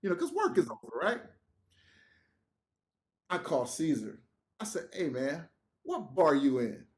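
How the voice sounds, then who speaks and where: A man, a podcast guest, telling a story in casual talk, animated and laughing, swearing and acting out what people said. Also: fairly high pitch, unhurried.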